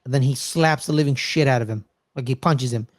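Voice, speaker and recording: A man co-hosting a casual movie review chat, retelling scenes in an animated way and acting out the characters' lines. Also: mid-range voice, fairly quick, dry recording. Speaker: podcast co-host.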